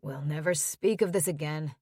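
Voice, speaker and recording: A woman's voice: low voice, moderate pace, darkish tone, slightly rough, no echo, clean studio sound, voice pushed down. A woman voicing a blunt young man who swears at his hurt friend. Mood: gruff. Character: young adult man, brash friend, crude.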